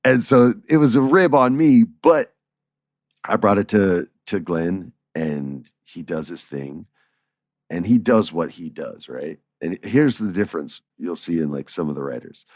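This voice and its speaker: A man hosting a podcast, telling stories in a casual, animated way, chuckling and acting out dialogue. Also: low voice, a little slow, no room sound, studio quality. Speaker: podcast host. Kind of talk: casual storytelling.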